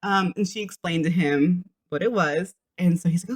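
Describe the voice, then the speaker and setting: A woman co-hosting a craft podcast, telling a story in a chatty way with quick asides and frequent laughter. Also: on the low side. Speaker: podcast co-host. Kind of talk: casual chat.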